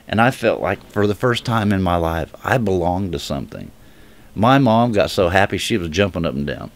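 A man giving an emotional personal religious testimony straight to viewers. He speaks earnestly and haltingly, often restarting his sentences. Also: sits low, lively intonation. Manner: earnest direct appeal to viewers. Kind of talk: heartfelt personal testimony to camera.

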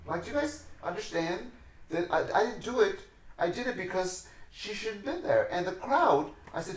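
A man's voice: high-pitched, sing-song, brisk, echoey room, low-quality recording. A man, a dancer and teacher, telling stories as a podcast guest with passion, acting out the people in them. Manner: passionate, acts out voices in his stories. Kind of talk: animated storytelling in conversation.

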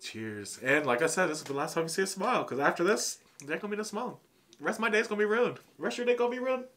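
A man's voice: high voice, expressive, very fast, fairly bright tone. A man with an Ohio accent chatting casually on a food challenge vlog while gasping and groaning through burning heat. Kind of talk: casual chat.

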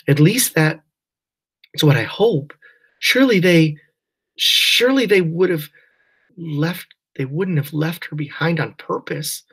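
A man voicing a tender, helpless mother who comforts her daughter gently. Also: a little high, unhurried, husky, pitched above the performer's own voice.

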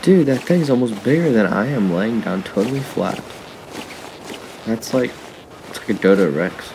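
A man's voice: lowish voice, lively intonation, normal speed, gravelly, noisy background. A young man giving casual, rambling commentary while he plays, chatting to his viewers and to the animals in the game. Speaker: gaming YouTuber.

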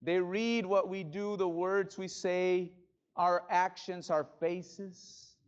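A male pastor preaching a sermon in a church, dramatic, swinging from loud bursts to hushed drops. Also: high voice, little pitch movement, slow, clear, resonant tone, dull audio. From Spanish-speaking background. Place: church sanctuary.

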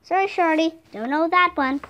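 A woman's voice: extremely high pitch, normal speed, pushed and bright, pitched above the performer's own voice. A woman reading a friendly cowboy in a children's storybook with an easygoing, storytelling manner. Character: gruff friendly adult cowboy man.

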